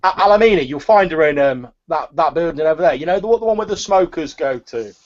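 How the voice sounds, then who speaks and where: A man's voice: a little high, expressive, fast talker, muffled recording, pitched above the performer's own voice, natural voice. A man voicing a nervous, fawning woman who sells turnips, stammering and calling everyone sir.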